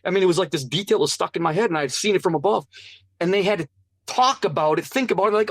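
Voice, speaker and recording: A man who is an interview guest, telling a personal testimony in an earnest, animated way and acting out what others said. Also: a little high, fast, no room sound, clean studio sound. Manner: earnest, animated, acts out quoted voices.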